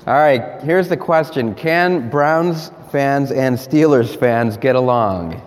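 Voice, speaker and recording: Playful priest in a big reverberant hall. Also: male voice, medium pitch, slow. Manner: playful, laughing, coaxing volunteers. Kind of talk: interactive homily with volunteers. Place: large hall with audience.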